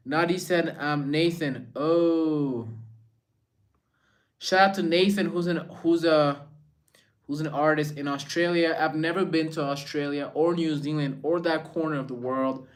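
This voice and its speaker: A man with a slightly higher than usual voice hosts a relaxed live stream. He rambles from one viewer comment to the next, reading each one aloud before he answers it. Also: normal speed. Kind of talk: casual live-stream chat.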